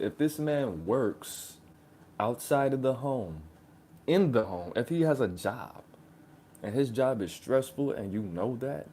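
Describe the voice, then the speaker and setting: A man with a warm, dark voice holds forth in reaction-video commentary. He rants in loose street slang, sarcastic and mocking, throwing "bro" into almost every sentence. His pitch sits in the middle of the male range. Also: a little hiss or hum. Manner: slangy, ranting, keeps saying "bro". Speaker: reaction channel host.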